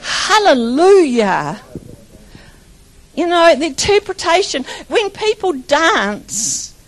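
A woman's voice: high-pitched, expressive, a little slow, poor audio. A woman preaching a charismatic sermon, fervent and chanting repeated lines, rambling with restarts and bursts of laughter.

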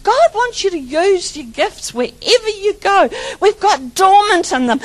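A woman's voice: very high-pitched, animated, a little slow, poor audio. A woman preaching a charismatic sermon, fervent and chanting repeated lines, rambling with restarts and bursts of laughter.

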